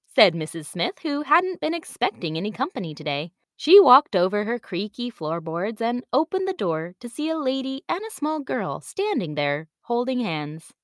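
A woman reading a children's story aloud with an expressive storybook cadence. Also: mid-range voice, moderate pace, dry recording, studio quality.

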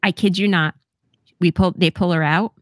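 Low-voiced candid woman telling a story. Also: fairly even intonation, normal speed, dry recording, clean studio sound. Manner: candid, swears freely, laughs often. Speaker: podcast co-host. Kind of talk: casual storytelling.

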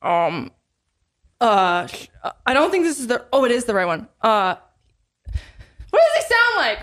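Casting note: young woman podcast co-host, high and bouncy delivery, giggly and playful. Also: sing-song, normal speed, fairly bright tone. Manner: giggly, playful, swears casually. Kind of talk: casual chat.

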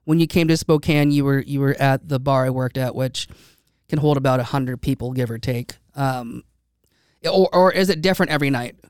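A man's voice: mid-range voice, a little fast, clean tone, no echo, clean studio sound. A man interviewing a guest in casual chat, asking friendly, curious questions.

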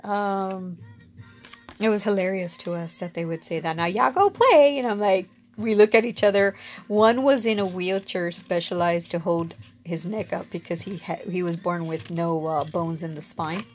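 A woman's voice: lowish voice, steady tone, moderate pace, darkish tone. Frank woman telling a personal story. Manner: frank and candid, swears casually, laughs often. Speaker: storyteller sharing personal experience.

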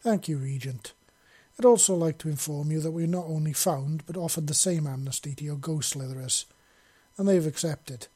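A man reading an audiobook, voicing a steady male clan patriarch who speaks in a measured, persuasive way. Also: fairly high pitch, breathy edge.

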